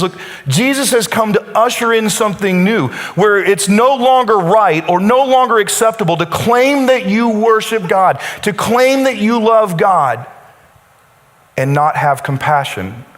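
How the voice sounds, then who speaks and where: Pastor guy telling a bible story in church, kinda high voice, big hall echo, acts out the quotes. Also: expressive, measured pace, a bit bright. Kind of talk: sermon. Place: church sanctuary. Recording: church hall with long reverb.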